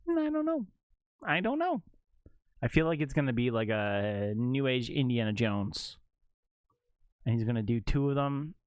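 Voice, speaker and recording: Animated, ranting man streamer. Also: dry recording. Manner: animated ranting, jumps to high exclaims and laughs. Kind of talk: casual livestream chat.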